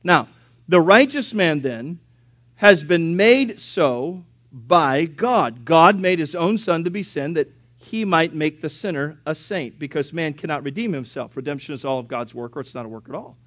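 A man preaching a sermon, emphatic and questioning his listeners, rising loud and dropping to a hush. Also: fairly high pitch, lively intonation, normal speed, dry recording. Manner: emphatic, questions the congregation, swings from loud to hushed.

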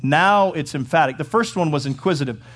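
A man's voice: a little high, animated, fairly quick, fairly bright tone. A man preaching a sermon in a church, talking emphatically and building to fervent peaks. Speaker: pastor.

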